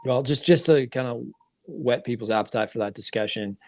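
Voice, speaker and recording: A man's voice: mid-range voice, a little fast, no echo. A man co-hosting a podcast, explaining markets in casual talk, often restarting his sentences. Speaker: podcast co-host.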